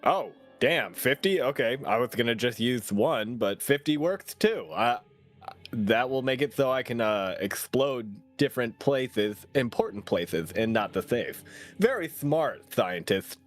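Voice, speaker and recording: A man's voice: mid-range voice, animated, a little slow, soft background music. A man playing a tabletop game, chatty and joking, hesitating with "um" and "I guess". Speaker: player.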